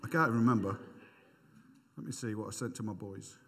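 A man's voice: lowish voice, fairly quick, vocal fry, a bit bright. Man preaching in a reverberant hall. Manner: conversational, self-deprecating, thinks aloud with asides. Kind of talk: informal sermon.

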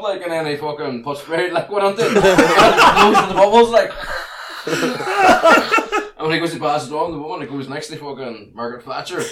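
A man, co-hosting a casual podcast chat and telling sketch stories in a lively, sweary way. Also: fairly high pitch, heavy background noise. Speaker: podcast co-host.

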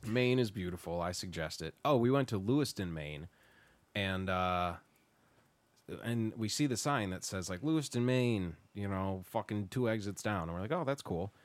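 A man's voice: lowish voice, animated, normal speed, dry recording. A young man from Western New York telling stories in casual chat, swearing and laughing, acting out the people he quotes. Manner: swearing, laughing storyteller who acts out quoted voices.

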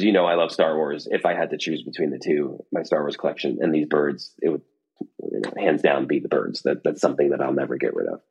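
A middle-aged man with a deep, husky voice talks as a podcast guest from a room in his home. He rambles, restarting sentences and filling pauses with ums. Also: rough recording. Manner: rambling, with many fillers and restarts. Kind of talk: casual conversation.

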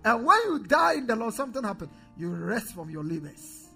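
A pastor preaching a sermon, calling on the congregation to repeat phrases, swinging from loud declarations to low quiet asides. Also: male voice, expressive, moderate pace, creaky, husky, soft background music. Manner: preaching with call-and-response to the congregation.

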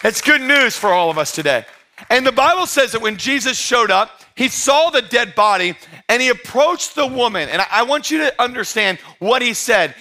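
A male pastor preaching with a high, bright voice. He swings from playful jokes and shouted emphasis to hushed, tender lines, and he keeps his audience engaged throughout. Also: expressive, a little fast. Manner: drops to soft, intimate tones for emphasis. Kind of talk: sermon.

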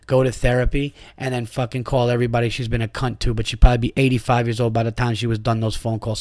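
A man's voice: mid-range voice, no echo, studio quality. A middle-aged man hosting a podcast, telling listeners a profane, angry, rambling story with lots of restarts. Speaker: podcast host.

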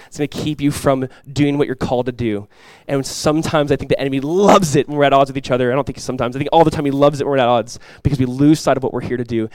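A male pastor preaching a sermon in a relaxed, conversational way, full of fillers and asides. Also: mid-range voice, no room sound, rough recording.

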